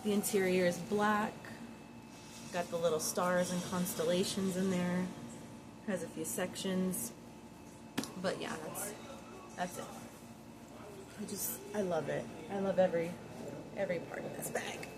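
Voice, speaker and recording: A woman's voice: on the low side, fairly even intonation, unhurried, long pauses. A woman vlogging from home in casual chat, gushing and rambling with lots of fillers and repeated words. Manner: gushing, admiring. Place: home, near closet. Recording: noisy background.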